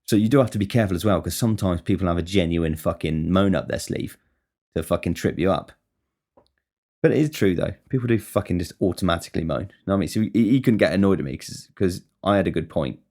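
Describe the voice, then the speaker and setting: A man's voice: low-pitched, fast talker, darkish tone. A man talking casually on his podcast in a rambling monologue, swearing constantly and wryly. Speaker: podcast host.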